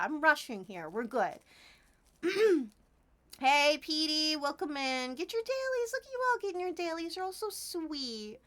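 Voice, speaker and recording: A chatty woman in her thirties streams from home, talking through her crafting in a high, bright-pitched voice. She gushes over her viewers and thanks them often, keeping it loose and casual. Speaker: Twitch streamer. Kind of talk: casual live-stream chat while crafting.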